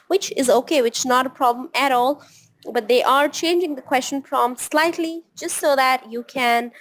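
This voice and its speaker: A woman tutoring test preparation in an informal online lesson, chatty and often ending her points with a quick tag question. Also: high voice.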